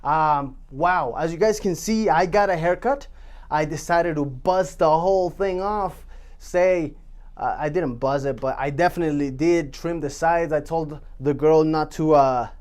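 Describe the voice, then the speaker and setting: A man's voice: on the high side, a little slow, a little mellow. Man, vlog host, casual solo chat, rambling, joking, swears a lot.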